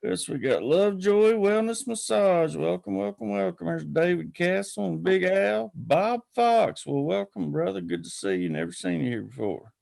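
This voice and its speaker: Rambling man with a gravelly voice. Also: high-pitched, lively intonation, moderate pace, hardly any pauses, a little mellow. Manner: rambling, greets viewers by name. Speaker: livestream host. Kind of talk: casual livestream chat.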